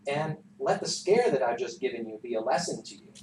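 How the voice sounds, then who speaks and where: A man voicing a gentle, knowing male teacher figure who speaks patiently to a disciple, told aloud to a class. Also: mid-range voice, lively intonation, fairly quick, close to an everyday voice. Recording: echoey classroom, distant mic, noisy.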